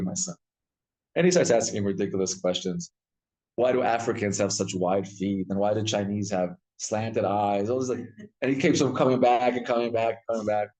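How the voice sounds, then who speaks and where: Man teaching an animated Torah class. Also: lowish voice, low-quality recording. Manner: animated storytelling, often repeats and restarts words. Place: synagogue study hall.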